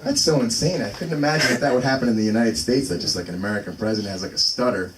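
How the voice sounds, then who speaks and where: A man in his thirties with a medium-pitched voice does open mic stand-up in a small venue, talking at a racing pace over crowd noise. He rambles and cuts himself off with fillers. The distant mic picks up loud room noise.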